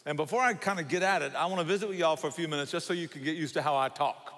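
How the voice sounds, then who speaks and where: Older Southern pastor with a folksy drawl. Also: male voice, on the high side, racing, fairly bright tone, long reverb tail. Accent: Southern US, Georgia. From Savannah, Georgia. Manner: folksy, joking storyteller. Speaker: guest pastor. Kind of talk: sermon. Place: church sanctuary.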